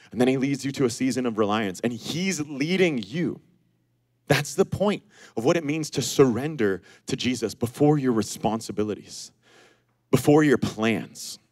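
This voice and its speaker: Animated man preaching a sermon. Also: on the low side, no echo, studio quality. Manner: animated preaching, acting out quoted voices. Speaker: pastor.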